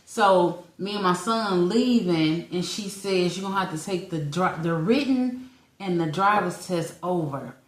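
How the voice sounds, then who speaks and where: A podcast co-host in her forties, her voice on the low side and her pace measured, tells a long personal story in a casual chat. She's an animated storyteller who acts out what people said and laughs often, recorded in an echoey room.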